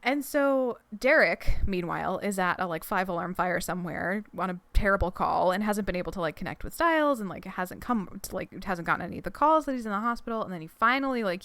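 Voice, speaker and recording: On a dry recording, a young adult woman with a fairly low-pitched yet fairly bright voice co-hosts a podcast. Giggling through casual conversation, she reads a fic summary aloud and retells the story in a rambling way, full of fillers and restarts.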